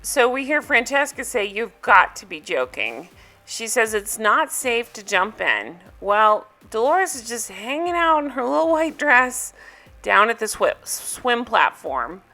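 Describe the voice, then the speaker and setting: A woman's voice: fairly high pitch, sing-song, measured pace, pushed and bright, faint music behind. A woman recapping a reality TV episode in casual, amused chat, with frequent ums.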